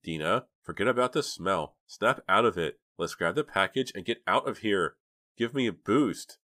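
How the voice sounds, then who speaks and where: A man reading aloud who voices a practical teenage girl with a dry, brisk way of talking. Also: lowish voice, animated, sharp tone, no echo, pitched above the performer's own voice. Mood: urging.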